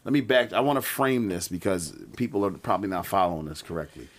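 A man co-hosting a podcast, telling a story in a casual, animated way, often restarting and quoting friends. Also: deep voice, fast talker. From Philadelphia. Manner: animated, jumps into quoted voices, frequent restarts. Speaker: podcast co-host.

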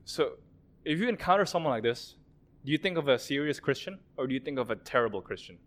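A man's voice: medium pitch, animated, fast, fairly bright tone. A man preaching a sermon in a conversational way, often acting out quoted prayers and remarks.

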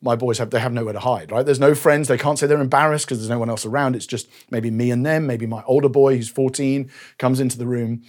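A man's voice: mid-range voice, steady tone, fast talker, a little mellow. A man in his forties preaching a conversational sermon, telling personal stories with self-deprecating asides.

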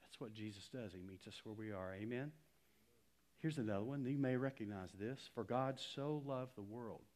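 A middle-aged male pastor preaching a sermon, swinging from loud emphatic lines to hushed near-whispers and acting out quoted conversations. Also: medium pitch, normal speed. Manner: animated, acts out quoted conversations.

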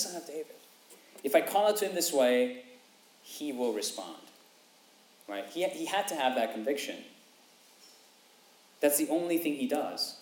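A man preaching a sermon in an earnest way, checking in with his listeners by asking "okay?" and "right?", and rising sharply in voice when he quotes a cry for mercy. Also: mid-range voice. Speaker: pastor. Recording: echoey room with faint background noise.

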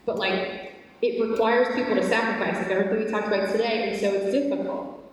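A young woman speaks at a faith talk, earnest and animated, her speech full of casual fillers. Her voice sits at an ordinary pitch. It rings through a large hall with a long reverb tail, caught from some distance away. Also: fairly quick, slight background noise. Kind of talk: faith talk to a live audience. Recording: echoey hall, voice from far off.

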